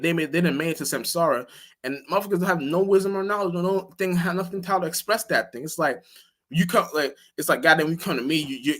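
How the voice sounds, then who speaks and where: A man talks loosely and at length on his own livestream. He curses constantly, restarts his sentences and leans on fillers. Now and then his voice jumps much higher and louder when he acts out a reaction. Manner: rambling, profane, with many restarts and fillers. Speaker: livestream host. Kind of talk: casual livestream monologue.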